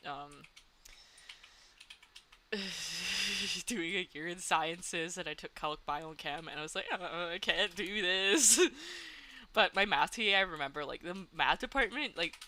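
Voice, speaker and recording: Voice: mid-range voice, measured pace, pauses often, bright, forceful tone. A young adult streamer from Canada chatting casually while gaming, giggling often and filling talk with "like". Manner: chatty, giggly, many "like" fillers.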